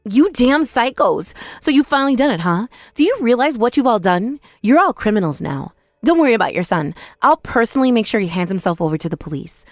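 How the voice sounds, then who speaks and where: A young woman narrates her own dramatized story, sounding indignant and accusing as its protagonist. She talks fast at a medium pitch with an animated delivery, and soft music plays behind her.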